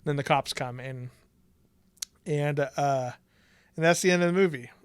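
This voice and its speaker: A man co-hosting a podcast in casual chat, laid-back, laughing often and filling pauses with ums. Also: a little high, clean tone, dry recording, studio quality. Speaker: podcast co-host.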